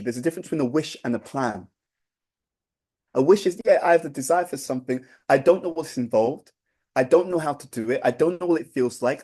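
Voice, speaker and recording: A man's voice: a little high, darkish tone. Conversational man giving a spiritual talk. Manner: conversational, with repeated restarts and "right?" tags. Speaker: speaker giving a spiritual class.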